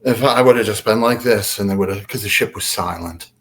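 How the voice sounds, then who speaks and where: A man, a podcast guest, telling a story in a lively way and acting out quotes. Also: fairly quick. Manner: lively, acts out quotes with big pitch swings. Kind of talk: animated storytelling.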